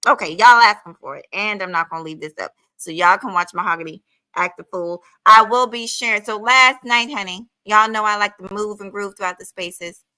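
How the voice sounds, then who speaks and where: A woman's voice: medium pitch, normal speed, pushed and bright, clean tone, dry recording, rough recording. A woman in her forties hosting a casual livestream commentary, chatty and calling her viewers honey. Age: 40s.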